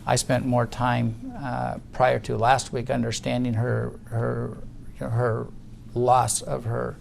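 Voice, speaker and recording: A man's voice: mid-range voice, monotone, slow pace, creaky, a little hiss or hum. A middle-aged man giving deposition testimony, guarded and insistent, often restarting his sentences. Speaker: witness in a legal deposition.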